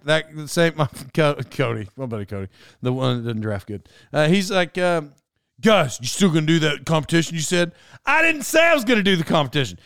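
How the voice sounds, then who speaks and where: A young man telling a casual story, talking fast and animatedly, cutting himself off and drifting into side notes. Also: high-pitched, clear, resonant tone, dry recording, clean studio sound. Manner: animated, self-interrupting. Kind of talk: casual anecdote monologue.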